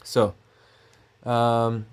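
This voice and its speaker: A man's voice: mid-range voice, completely flat delivery, very slow, background noise. A man casually talking through an unboxing, rambling and thinking aloud with fillers and the odd cough. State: coughing now and then. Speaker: tech channel host.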